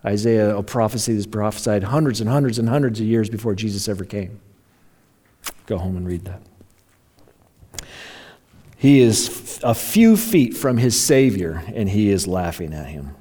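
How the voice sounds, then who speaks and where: A man's voice: fairly low pitch, normal speed, long pauses, dark tone. A man preaching a sermon, telling the story dramatically and briefly voicing the mocking crowd and the criminals. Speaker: pastor.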